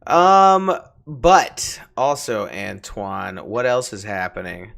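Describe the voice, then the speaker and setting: Gravelly dude cohosting a podcast, laid back, keeps cracking up. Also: male voice, on the low side, animated, slow, fairly bright tone. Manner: joking, laughs often, trails off. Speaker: podcast co-host. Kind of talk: casual chat.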